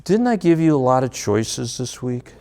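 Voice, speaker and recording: A man with a mid-range, dark-toned voice and big pitch swings speaks at normal speed while leading a parenting workshop at a school. In the auditorium or room, he brings audience members up to role-play parent–child exchanges.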